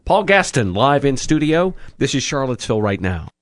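A man hosting a radio talk show, announcing guests and breaks in a smooth scripted way. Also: mid-range voice, sing-song, fairly quick. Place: radio studio.

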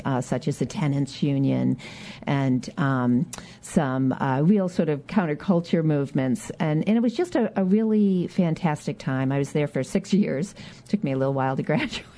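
This is an older woman from Michigan with a Midwestern accent, speaking as a radio guest. Her voice sits low and mellow, and she talks in an easygoing, chatty way, full of fillers and small laughs. The sound comes from a radio studio. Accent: Midwestern American. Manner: chatty and warm, laughs often, many fillers and restarts. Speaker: guest, outgoing city council member. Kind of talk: radio interview, reminiscing.

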